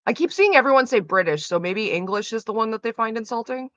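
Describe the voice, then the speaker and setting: Bright-voiced woman rambling to chat. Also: on the high side, lively intonation, fast talker, no room sound, dull audio. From Canada. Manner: rambling, lots of "like" fillers. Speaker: streamer. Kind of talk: casual chat with viewers.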